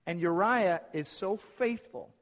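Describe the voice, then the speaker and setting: A man's voice: high voice, slow pace. Man preaching in an echoing hall. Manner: retells Bible stories, acting out the quotes. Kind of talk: sermon.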